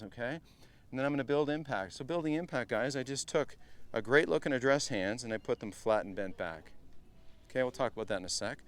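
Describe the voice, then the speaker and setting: A middle-aged man runs a live golf clinic, speaking with a smooth, resonant voice at a mid pitch. He is chatty and energetic, often turning to the group as "guys". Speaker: golf instructor.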